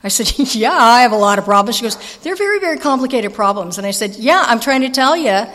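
A fast, animated woman tells a personal story with self-mocking humor. Her voice sits a bit high and carries a long reverb, as if she were speaking in a large hall. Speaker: speaker sharing recovery story. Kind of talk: storytelling talk.

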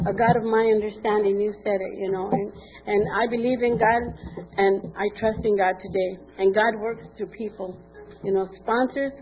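Older woman, candid recovery testimony, acts out dialogue, phone-like sound. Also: medium pitch. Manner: candid storytelling with lively quoted dialogue. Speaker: speaker sharing at a recovery meeting. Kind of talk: personal testimony. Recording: tinny phone-like recording with faint noise.

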